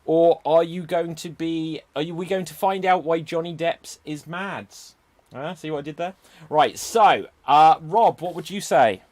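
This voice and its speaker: A man's voice: on the high side, a little slow, darkish tone. A man hosting an online improv comedy show, upbeat, calling on judges and reading votes. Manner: upbeat, addresses audience and judges.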